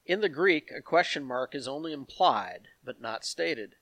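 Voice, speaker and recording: A man's voice: on the high side, lively intonation, unhurried, a bit bright, dry recording. A man teaching verse by verse from the Bible, reading passages aloud and adding asides to his listeners. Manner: explanatory, reads passages aloud with asides to the congregation.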